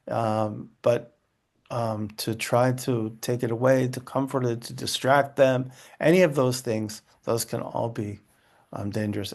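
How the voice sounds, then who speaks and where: Gravelly-voiced man teaching a class. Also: mid-range voice, a little mellow. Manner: conversational, explaining with examples and asides. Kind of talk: online class lecture.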